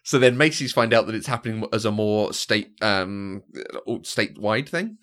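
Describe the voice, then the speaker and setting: Expressive and a bit bright, a lowish male voice moves at normal speed while he co-hosts a podcast. The film talk is casual and hesitant, loaded with fillers and frequent laughter.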